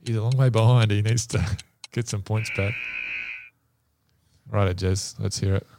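A man's voice: fairly low pitch, fairly even intonation, normal speed, creaky, background noise. A man hosting a casual podcast quiz, bantering and laughing with his guests. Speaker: quiz host.

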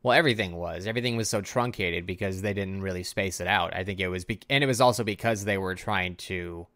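A man's voice: sits low, fast, fairly bright tone, no echo, studio quality. A tired man co-hosting a podcast, rambling through a casual music discussion with lots of filler words. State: tired, yawning. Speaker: podcast co-host.

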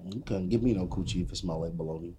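A man's voice: deep voice, racing, crowd noise. A man co-hosting a casual podcast, teasing and crude. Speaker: podcast co-host. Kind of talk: casual chat.

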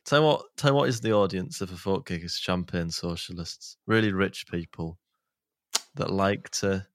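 A man's voice: low-pitched, normal speed. A man co-hosting a podcast, rambling and joking in casual chat. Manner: jokey, rambling, laughs often. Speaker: podcast co-host. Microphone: close podcast mic.

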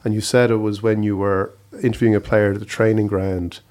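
A man's voice: fairly low pitch, little pitch movement, fairly quick, darkish tone. A man hosting, steadily leading the guest with questions and prompts. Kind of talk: interview questions.

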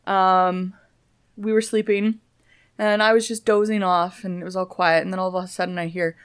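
A woman's voice: mid-range voice, moderate pace, clear, resonant tone. A woman, co-hosting a podcast in casual chat and telling stories playfully. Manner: playful, animated storytelling. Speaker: podcast co-host.

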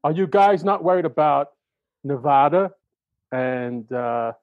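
A man's voice: fairly high pitch, expressive, unhurried, dry recording. A man chatting as a podcast guest over a video call, asking worried questions. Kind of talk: casual chat. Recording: dull lo-fi remote call.

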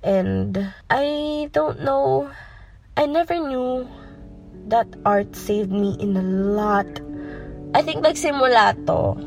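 A woman's voice: mid-range voice, vocal fry, rough recording. A woman co-hosting a podcast, talking candidly and mixing English with Tagalog. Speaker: podcast co-host. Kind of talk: personal podcast talk.

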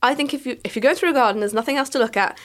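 Giggly woman, higher voice. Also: fairly bright tone. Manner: laughs often, playful and quick. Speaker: podcast co-host. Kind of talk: casual chat.

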